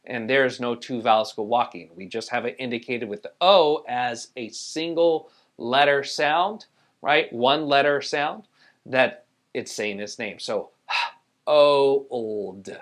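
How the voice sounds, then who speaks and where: A man's voice: medium pitch, fairly bright tone. A man teaching a spelling lesson, patiently explaining rules and sounding out each letter. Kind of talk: spelling tutorial.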